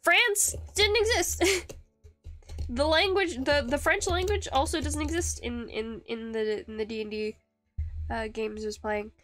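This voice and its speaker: High-voiced woman rambling while carving. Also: a little slow, fairly bright tone, faint music behind. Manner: rambling, self-deprecating, hesitant with many fillers. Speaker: streamer. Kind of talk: casual live-stream chat while woodcarving.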